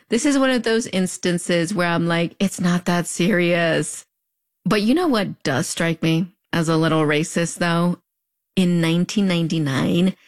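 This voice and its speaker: A woman in her thirties with a US-Mexico border accent, telling a scripted story in a wry, conversational way with playful asides. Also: lowish voice. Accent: US-Mexico border (fronterizo). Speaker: host. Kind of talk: scripted narration.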